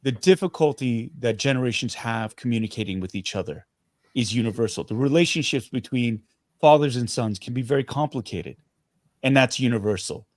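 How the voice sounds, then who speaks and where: Earnest, animated middle-aged Canadian man. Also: medium pitch, brisk, no room sound, clean studio sound. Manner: earnest and animated, frequent restarts. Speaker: guest actor. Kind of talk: casual interview chat.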